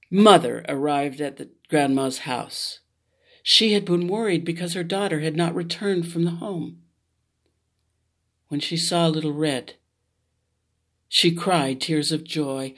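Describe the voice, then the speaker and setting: Woman reading a kids story out loud, slow and kinda low, expressive. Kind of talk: storybook read-aloud.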